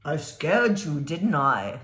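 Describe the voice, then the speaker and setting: Woman doing a deep taunting monster. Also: big pitch swings, takes it slowly, fairly bright tone, exaggerated voice. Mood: sly. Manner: low menacing taunting voice. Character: growling male monster in a costume. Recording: roomy echo.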